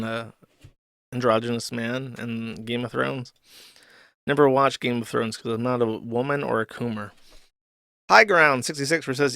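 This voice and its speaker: A man's voice: mid-range voice, gravelly, sharp tone, no echo, studio quality. A man hosting a livestream, reading chat and forum comments aloud and reacting in a crude, mocking way.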